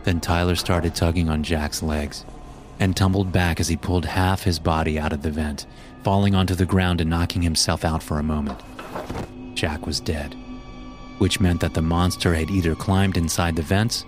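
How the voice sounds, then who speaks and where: A man narrating a scripted horror story in a measured, grim way. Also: deep voice, fairly even intonation. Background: background music.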